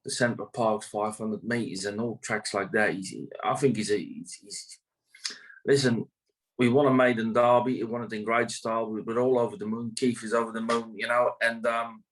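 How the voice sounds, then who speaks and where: A man's voice: lowish voice, fairly even intonation, normal speed, low-quality recording. A man, a greyhound trainer, talking casually in an interview, rambling with many fillers and restarts.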